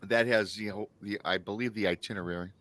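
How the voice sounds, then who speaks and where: A man's voice: lowish voice, steady tone, fast talker, fairly bright tone. A man from Michigan hosting a casual live-stream chat, rambling through stories and reading out chat comments. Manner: rambling storyteller, reads chat aloud. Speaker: host.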